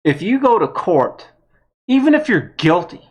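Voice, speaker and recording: Woman, vlogger, blunt heated opinion monologue, mild swearing, lowish voice. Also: very animated, unhurried, lo-fi sound. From United States.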